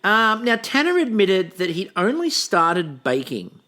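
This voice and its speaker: A woman chatting as co-host of a casual recap podcast, her voice sitting in a middling register. She talks with a lot of lively swing in her pitch. She laughs often and acts out the quotes she tells. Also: unhurried.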